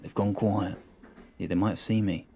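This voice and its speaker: A man voicing Lee, a cautious male agent who speaks quietly and hesitantly in a sci-fi audio story. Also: on the low side, fairly even intonation, normal speed, slight background noise, natural voice. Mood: uneasy.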